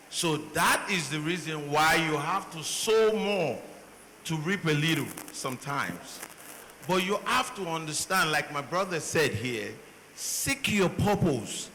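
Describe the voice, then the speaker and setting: Nigerian guy on a panel, bright voice, big echoey hall. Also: a little high, a little hiss or hum. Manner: animated storytelling, acts out exchanges. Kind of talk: panel talk. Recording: long hall reverb, faint ambience.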